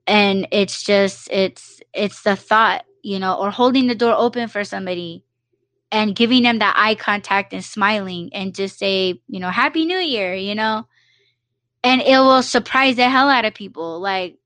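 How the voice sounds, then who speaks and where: Woman podcast host, casual solo livestream, mid-pitched, dry close sound, rambling and profane. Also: measured pace, fairly bright tone, no room sound. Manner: rambling, frequent "you know", swears freely, acts out quoted exchanges.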